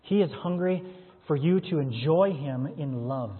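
A man's voice: on the high side, lively intonation, a little slow, husky, faint music behind. Preaching man in an echoey hall. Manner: expository preaching, quoting and explaining scripture with rhetorical questions. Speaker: pastor. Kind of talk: sermon. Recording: echoey hall, tinny phone-like sound.

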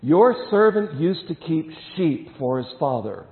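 A man's voice: fairly high pitch, big pitch swings, unhurried. A man preaching a sermon, reading scripture aloud with emphasis and explaining it to his congregation. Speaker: pastor. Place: church sanctuary. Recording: echoey hall over a phone-like line.

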